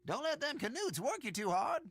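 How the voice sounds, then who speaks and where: Game casting: a gravelly old country shopkeeper, drawl, bright, swooping pitch. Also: male voice, sing-song, normal speed, no room sound, exaggerated voice. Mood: evasive. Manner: drawling, chatty, dodging questions. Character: folksy older male rural shopkeeper, evasive. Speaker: game character.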